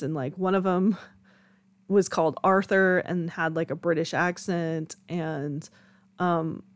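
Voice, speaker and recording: A woman's voice: lowish voice, no echo. A young woman hosting her own podcast, chatting candidly with frequent laughs and casual swearing. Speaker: podcast host. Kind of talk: casual solo podcast chat.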